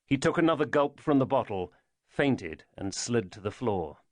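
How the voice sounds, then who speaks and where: A man narrates a thriller audiobook in a measured, steady reading voice of middling pitch. The recording is close and dry, with no room sound at all. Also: dry recording. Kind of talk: scripted narration.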